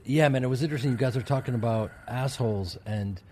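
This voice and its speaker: A man's voice: mid-range voice, fast talker, darkish tone, slight background noise. A middle-aged man co-hosting a podcast, an actor who talks earnestly and eagerly about his craft. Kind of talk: casual podcast chat.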